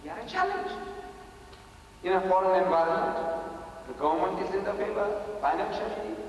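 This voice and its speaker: A man's voice: high voice, fairly quick, a little hiss or hum. A man giving a religious lecture to students, emphatic and rhetorical, often repeating his points for effect. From South Africa. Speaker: speaker addressing students. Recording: echoey hall from far off.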